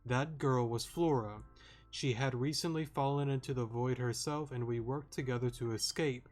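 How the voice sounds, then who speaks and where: A man gives voice to a calm young woman detective full of remorse. The reading is slow and earnest, like someone voicing game text aloud. Faint game music sits under the voice. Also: medium pitch, lightly acted. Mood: solemn.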